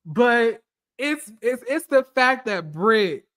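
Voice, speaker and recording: A woman's voice: a little high, lively intonation, slow, a bit bright. A woman giving casual, profane reality TV commentary, blunt and repeating phrases for emphasis.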